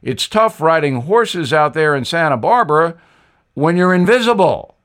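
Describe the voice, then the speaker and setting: A man's voice: fairly high pitch, animated, normal speed, a bit bright. Guy putting on a folksy old ghost president, easy and friendly. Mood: genial.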